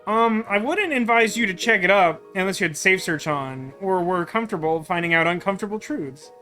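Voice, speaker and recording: A man's voice: high voice, expressive, brisk, bright, forceful tone, faint music behind. A man streaming a game, chatting with viewers in a rambling, self-deprecating way. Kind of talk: casual game commentary.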